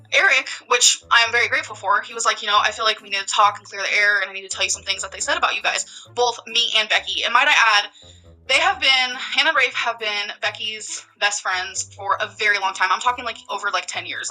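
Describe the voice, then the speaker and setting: On her vlog, a woman tells a story as an emphatic, heated rant packed with fillers like "like" and "um." Her voice is fairly high with a sharp tone, and the recording quality is low.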